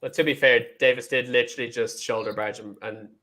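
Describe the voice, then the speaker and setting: A man's voice: mid-range voice, steady tone, a little fast, pushed and bright. A man giving blunt, opinionated takes during a live football watchalong, swearing about the players. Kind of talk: casual football chat.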